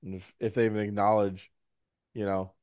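A man's voice: on the low side, little pitch movement, darkish tone, no echo, studio quality. A man co-hosting a casual podcast, speaking wryly and poking fun at things. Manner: wry, mocking asides with quick put-on voices. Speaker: podcast co-host. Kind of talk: casual wrestling podcast chat.

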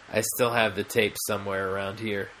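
A man's voice: fairly low pitch, pushed and bright, slight background noise. A man co-hosting a podcast in casual chat, rambling with many fillers and restarts. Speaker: podcast co-host.

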